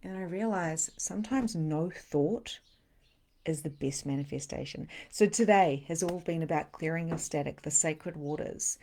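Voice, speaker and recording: A middle-aged woman leads a live guided meditation, her voice soft and soothing with breathy sighs. Her pitch sits a little low for a woman, and she moves easily between gentle instruction and relaxed chat with viewers. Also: normal speed, slight background noise. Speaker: spiritual coach leading a live session.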